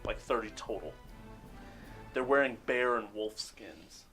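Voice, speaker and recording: Low-voiced man narrating as game master. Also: lively intonation, fairly bright tone, soft background music. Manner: unhurried, searching for words with many fillers.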